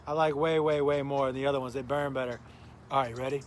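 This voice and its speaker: A man's voice: mid-range voice, steady tone, fast talker, slight background noise. Tired comedian chatting with his viewers. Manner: rambling, greets viewers by name mid-story. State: tired, recovering from illness. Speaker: comedian hosting a live smoking stream. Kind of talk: casual live-stream chat and storytelling.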